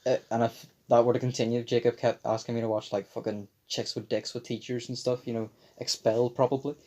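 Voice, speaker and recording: A man's voice: mid-range voice, flat delivery, a little fast, dark tone. A young man in his late teens telling a crude childhood story on a podcast, rambling and swearing, his voice sometimes cracking. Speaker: podcast co-host. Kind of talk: casual storytelling chat.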